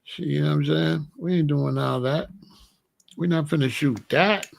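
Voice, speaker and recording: A man's voice: a little high, normal speed, vocal fry, slight background noise. A man giving casual, slangy commentary, often acting out the people he talks about. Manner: animated, slangy, acts out quoted voices.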